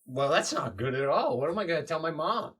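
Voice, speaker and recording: A man voicing a sixteen-year-old boy turned crab-man hero in a comedy improv, talking in a raised, excited voice. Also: a little high, a little fast, distant mic, over a noisy crowd, voice pushed up, natural voice.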